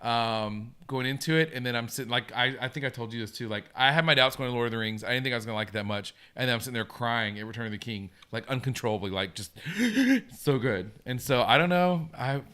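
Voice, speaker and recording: A man hosts a relaxed live stream in a bright, forward voice, his pitch in an ordinary middle range for a man. He's chatty and enthusiastic, reacting to viewer comments as they arrive. His delivery is quick and smooth, with few pauses.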